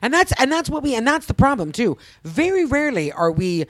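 A woman's voice: high-pitched, brisk, no room sound. A woman co-hosting a casual podcast chat, telling stories and acting out the people she quotes. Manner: animated storyteller, acts out quotes in swooping voices. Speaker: podcast co-host.

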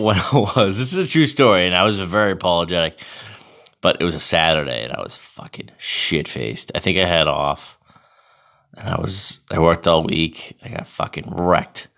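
A man in his thirties telling a casual, profane, animated story about himself. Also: deep voice, moderate pace. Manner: profane, animated, self-mocking.

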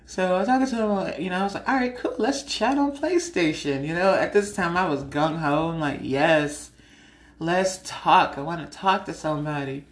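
A woman's voice: low voice, moderate pace. A woman hosting a podcast, chatting casually and frankly, laughing often and acting out conversations. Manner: frank, laughs often while telling stories; animated, acts out her own side of conversations. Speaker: podcast host. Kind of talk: casual chat.

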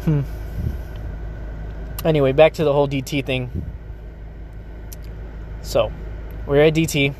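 Young male rapper, bitter sarcastic profane rant, slightly high voice, faint street traffic behind. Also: steady tone, slow pace, pauses often, a little mellow. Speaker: rapper and vlogger. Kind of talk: ranting monologue.

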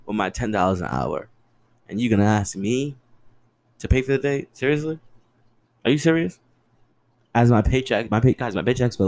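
Lowish, gravelly and somewhat dark in tone, this young man's voice carries a solo podcast. In his twenties, he spins personal stories in a casual, foul-mouthed, dramatic monologue, posing questions and answering them himself.

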